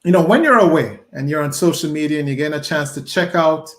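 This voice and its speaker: A chatty Trinidadian man opens his interview show in an easy, upbeat way. His voice sits a little high for a man, and he keeps the talk loose and friendly. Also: quick pace, fairly bright tone. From Trinidad and Tobago. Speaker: interview host. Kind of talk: casual video-call interview intro.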